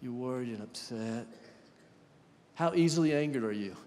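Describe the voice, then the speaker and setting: In a church sanctuary full of long reverb, a man delivers a guest sermon in a chatty style, posing questions to those in the pews. His mid-range voice is a little mellow and moves at a normal speed.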